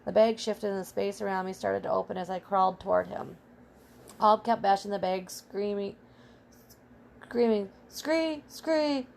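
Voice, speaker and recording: A woman's voice: medium pitch, unhurried, vocal fry, a little hiss or hum. A woman reading as a small brave male pet hamster, telling his adventure in first person. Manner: earnest, excitable first-person storytelling.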